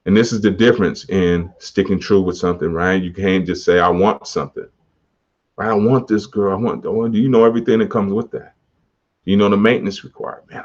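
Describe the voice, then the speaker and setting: A man hosting his own podcast, talking casually and motivationally in slang, often laughing. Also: low voice. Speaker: podcast host. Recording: dull muffled podcast audio.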